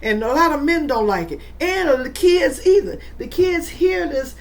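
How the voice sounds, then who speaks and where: A woman hosts a podcast, chatting in a lively, animated way and slipping into voices. Her voice sits a little high. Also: a little slow. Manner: animated, exclaims and acts out voices. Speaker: podcast host. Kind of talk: casual chat.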